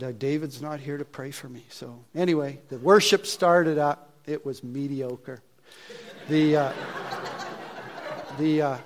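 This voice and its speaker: Animated preacher telling a story. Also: male voice, a little high. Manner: animated, acts out his own thoughts, drops to hushed asides. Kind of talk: storytelling sermon.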